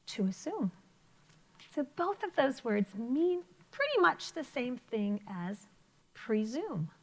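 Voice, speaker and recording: Lively teacher woman with vocal fry. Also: a little high. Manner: encouraging, talks to young pupils with questions and praise. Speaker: elementary school teacher. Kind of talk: remote vocabulary lesson for children.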